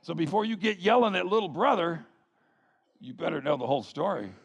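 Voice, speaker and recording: A male pastor delivers a sermon, animated and playful, with quick joking asides. His voice is high with a gravelly edge. It swings up and down a lot and rings through a large echoing church. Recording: long reverb of a large hall.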